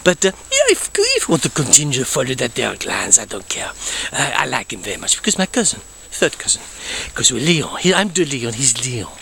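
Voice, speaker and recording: A man's voice: mid-range voice, wildly swooping pitch, fairly quick, sharp tone, slight background noise, heavily acted. A man putting on a pompous fake-French count. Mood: boastful. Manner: boastful, rambling, theatrical, slips into whispers. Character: pompous French count, boastful male character. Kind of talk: comedic character monologue.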